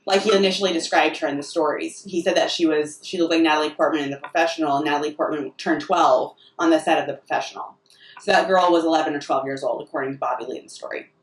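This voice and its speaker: A woman's voice: low voice, fairly even intonation, quick pace. A woman delivering a rambling comic monologue, often restarting her sentences. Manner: rambling and self-interrupting, full of restarts. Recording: echoey room, distant mic.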